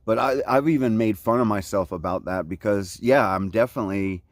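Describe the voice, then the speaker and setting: A man in his forties from Central Florida vlogs his thru-hike outdoors on a trail, talking a little fast in a lowish voice. His chill surfer chatter is packed with "like, you know, man," and the audio is clean studio sound with no echo.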